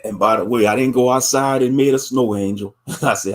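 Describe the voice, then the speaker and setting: A man's voice: medium pitch, brisk. Easygoing man chatting on a livestream. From Louisiana. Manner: easygoing, chatty and rambling, laughs often. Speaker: livestream host. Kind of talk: casual live-stream chat.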